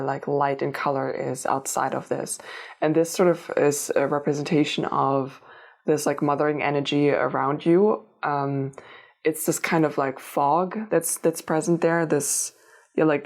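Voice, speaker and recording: A woman gives a spiritual tarot reading, speaking directly to her listener. Her voice sits low and stays quite level, with little rise and fall. She wanders through her thoughts, restarting phrases as she goes. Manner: meandering, many restarts and fillers, addresses listener directly. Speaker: tarot reader. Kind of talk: unscripted spiritual reading to camera.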